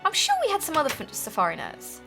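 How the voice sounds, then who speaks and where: A woman's voice: high voice, wildly swooping pitch, fast, gravelly, loud music behind the voice. A young woman co-hosting a gaming let's play, chatting casually with a bubbly, joking manner and rambling restarts. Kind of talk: casual chat over gameplay.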